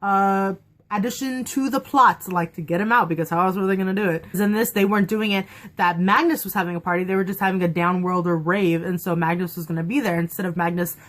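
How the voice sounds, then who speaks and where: A young woman chatting excitedly in a casual TV episode review, gushing and breathless, with lots of fillers. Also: lowish voice, fast talker. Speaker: TV review vlogger. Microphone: camera on her desk after her phone stopped recording.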